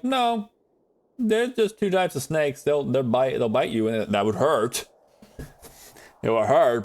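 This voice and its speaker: A man on a live gaming stream talks loosely and at length, answering his chat in a rambling, animated way. His voice sits in an ordinary middle register, and he speaks into a desk microphone. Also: medium pitch. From United States.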